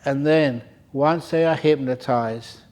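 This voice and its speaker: A man's voice: medium pitch, slow, darkish tone. An older man giving a humorous Dharma talk at a meditation retreat, telling stories and chuckling often. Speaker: meditation teacher. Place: retreat centre hall.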